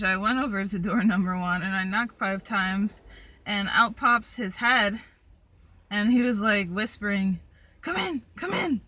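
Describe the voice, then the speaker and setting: A woman's voice: medium pitch, bright, forceful tone. A young woman telling travel stories in a casual vlog, chatty and full of ums and likes. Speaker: solo traveler vlogger. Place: in her van.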